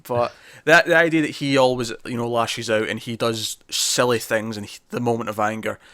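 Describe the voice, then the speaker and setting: A man's voice: medium pitch, steady tone, moderate pace, pushed and bright, no echo. A man co-hosting a podcast, reviewing a TV episode in casual chat, rambling with many fillers and restarts.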